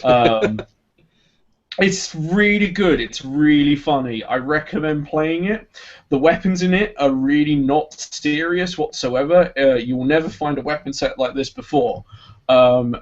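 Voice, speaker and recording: A man's voice: on the high side, unhurried. Brief: male podcast co-host, rambling, hesitant delivery, muffled lo-fi audio. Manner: rambling, hesitant, lots of ums and restarts. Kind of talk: casual chat reviewing a game.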